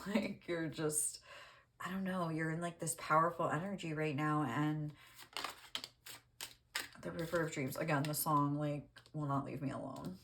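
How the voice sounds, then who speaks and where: A woman's voice: sits low, slight background noise. A woman reading tarot cards, talking casually and rambling with many fillers. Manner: rambling, lots of "like", laughs often. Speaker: tarot reader.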